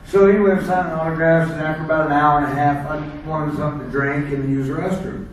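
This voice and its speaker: American ex-wrestler holding court, rambling and chuckling, a touch high, heard from across an echoey hall with faint hiss. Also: male voice, fairly even intonation, fast talker. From United States. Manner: rambling, laughs at his own stories. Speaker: wrestler telling road stories at a seminar. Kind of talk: casual storytelling to an audience. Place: seminar room. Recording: echoey room, mic far off.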